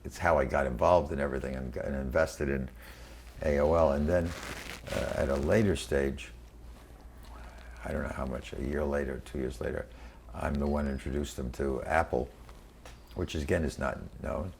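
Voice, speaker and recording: A man in his eighties from New York City, recalling his career in a halting oral history interview full of fillers and restarts. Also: rumbling low, steady tone, gravelly, darkish tone, slight background noise. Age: 80s. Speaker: interviewee, venture capitalist. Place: quiet room.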